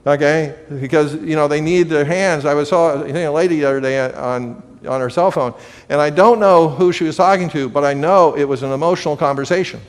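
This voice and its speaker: Male lecturer, casual storytelling delivery, somewhat high pitch, recorded with long room reverb. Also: a little fast. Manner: conversational, with filler and anecdotes. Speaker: teacher. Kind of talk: lecture to a live audience.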